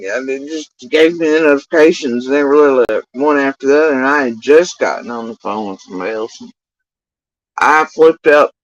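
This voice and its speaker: A man's voice: on the high side, no room sound. A middle-aged man livestreaming casual, meandering chat, often swearing. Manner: profane, meandering, drawn-out. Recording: dull lo-fi dry sound.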